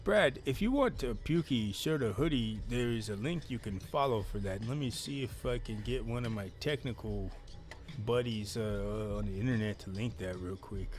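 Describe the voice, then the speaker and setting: A man's voice: fairly low pitch, moderate pace, soft background music. A man hosting a casual live stream, joking loosely and reading out viewer comments.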